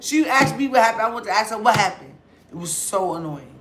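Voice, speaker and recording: A woman's voice: mid-range voice, fairly quick, a little hiss or hum. A woman vlogger telling a story casually and with lots of energy, acting out other people's voices and swearing freely. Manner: animated, acts out others' voices, profane.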